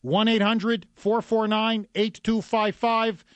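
A man's voice: high voice, little pitch movement, slow pace, no room sound. A man hosting a talk radio show, delivering an emphatic, combative monologue with lots of repetition. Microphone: studio microphone.

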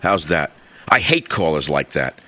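A man's voice: a bass voice, sing-song, unhurried, pushed and bright, dry recording. A middle-aged man with a New York accent hosting a talk radio show, brash and mocking, full of sarcasm.

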